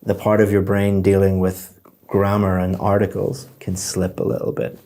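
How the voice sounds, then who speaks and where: Patient low-voiced male tutor explaining. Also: monotone, normal speed, warm tone. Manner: patient, explanatory, demonstrates phrases aloud. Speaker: IELTS examiner giving feedback. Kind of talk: one-on-one feedback session.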